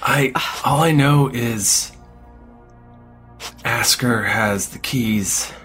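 A man narrating as game master of a tabletop role-playing game, in a calm, dry way. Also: mid-range voice, very slow, soft background music.

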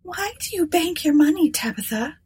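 A woman's voice: high-pitched, expressive, moderate pace, a little mellow, voice pushed up. A woman reading aloud voicing a timid, frightened sister in a storybook, with a fearful, pleading manner. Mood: worried.

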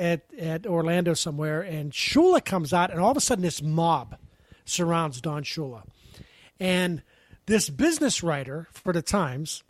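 A high-pitched man's voice, dry and close to the mic. He talks as a podcast guest, spinning an animated anecdote and acting out the quotes along the way. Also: no room sound. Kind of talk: casual podcast chat.

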